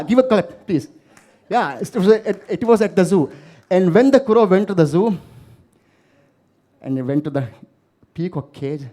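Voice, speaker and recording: A man's voice: sits high, dark tone. A man from the Maldives giving a motivational keynote talk to a live audience, telling stories and asking the audience questions. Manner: storytelling, asks the audience questions. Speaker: keynote speaker.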